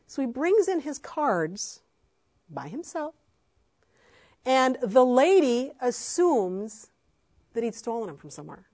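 A woman's voice: on the high side, big pitch swings, unhurried, long pauses, darkish tone. A middle-aged woman, an adoptive mother, speaking with passion and emphasis in a faith-based talk to parents, with frequent fillers.

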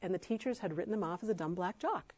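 A woman's voice: mid-range voice, fast, dark tone, husky. A middle-aged woman, an adoptive mother, speaking with passion and emphasis in a faith-based talk to parents, with frequent fillers.

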